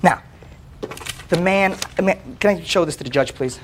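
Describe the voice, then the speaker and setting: A man testifying as plaintiff on a courtroom show, telling his story in an animated way, often stammering and repeating words. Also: sits high, moderate pace, a little hiss or hum. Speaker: plaintiff in a TV small-claims case. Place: TV courtroom set.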